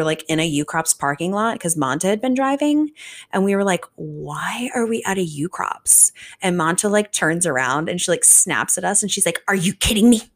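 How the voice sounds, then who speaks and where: A woman in her twenties from the Richmond, Virginia area, hosting a podcast in casual solo chat, animated and swearing freely. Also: on the low side. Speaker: podcast host.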